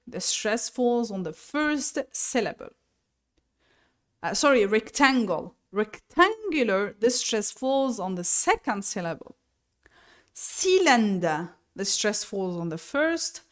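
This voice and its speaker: A woman teacher explaining English vocabulary and pronunciation slowly and deliberately, sometimes correcting herself. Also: on the high side. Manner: slow and deliberate, spelling out each word with self-corrections. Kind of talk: recorded lesson explanation.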